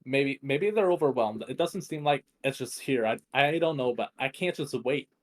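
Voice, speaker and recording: A man's voice: medium pitch, lively intonation, normal speed, close to an everyday voice. A man reading the lines of a frightened young woman desperate to help a friend. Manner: desperate, pleading.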